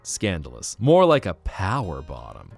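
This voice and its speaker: A man's voice: deep voice, huge pitch swings, unhurried, vocal fry, a little mellow. A man streaming live, chatting casually and playfully teasing his viewers as he reacts to chat. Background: faint guitar music.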